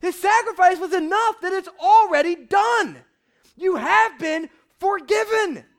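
A young man preaching a lively, conversational sermon from a church stage, shouting at times for emphasis. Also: extremely high pitch, a little slow. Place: church stage before a congregation.

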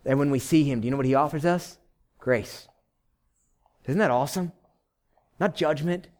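A man's voice: on the high side, normal speed, darkish tone. A male pastor preaching a sermon in a conversational but emphatic way, exhorting the congregation in short repeated phrases. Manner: conversational, checks in with "right?".

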